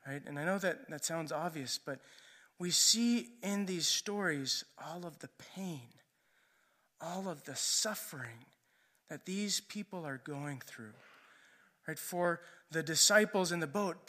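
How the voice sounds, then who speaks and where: A man's voice: a little high, animated, slow pace, bright, forceful tone. A male preacher giving a sermon in a conversational storytelling way, often checking in with "right?".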